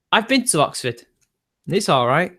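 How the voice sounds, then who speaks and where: A man's voice: fairly high pitch, sharp tone. A young man, arguing defensively with his live-stream chat and laughing between points.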